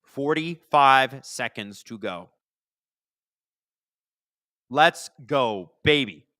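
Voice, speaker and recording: A man's voice: mid-range voice, very slow, no echo, clean studio sound. Chatty man hosting a hockey watchalong. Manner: rambling, chatty, jumps from storytelling to excited play calls. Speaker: livestream watchalong host. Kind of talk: casual live hockey watchalong commentary.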